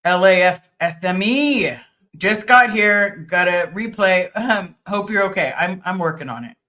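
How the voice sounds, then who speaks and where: Casual and grateful, a middle-aged woman on her livestream reads out viewer comments and responds to each, stumbling through plenty of ums and minor restarts. Her clear, bright voice is on the low side, and she keeps a measured pace.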